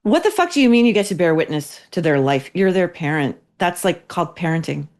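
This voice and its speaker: A woman's voice: on the low side, lively intonation, a little fast, darkish tone. A woman hosting a commentary podcast, ranting bluntly with profanity and biting sarcasm. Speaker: podcast host. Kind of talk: opinionated commentary.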